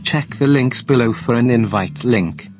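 A synthetic male text-to-speech voice reading a podcast outro in a flat, depressed-sounding monotone. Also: mid-range voice, measured pace, close to an everyday voice.

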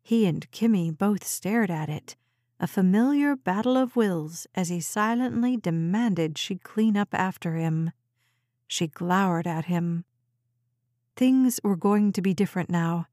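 A woman narrating an audiobook in a measured, even storytelling voice. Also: mid-range voice, dry recording, studio quality. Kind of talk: scripted narration.

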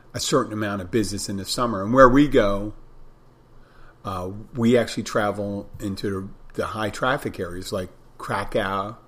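Husky-voiced man rambling on a podcast. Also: lowish voice, fairly bright tone. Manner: rambling, chatty, self-correcting. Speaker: podcast host, bartender. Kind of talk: casual solo podcast talk. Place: home in the Florida Keys.

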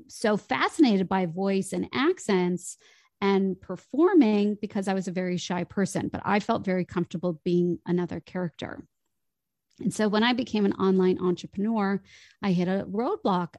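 An articulate woman voice coach talks through her ideas in a smooth, flowing manner. Her voice sits at an ordinary middle pitch, and the recording is close and dry with no room sound. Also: darkish tone, no echo. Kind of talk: podcast interview conversation.

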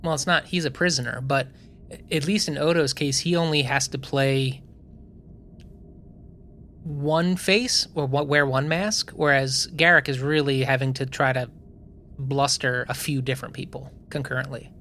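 Bright-voiced man musing on a show. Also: medium pitch, fairly even intonation, slight background noise. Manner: thoughtful, analytical, with halting restarts. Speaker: podcast co-host. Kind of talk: casual chat.

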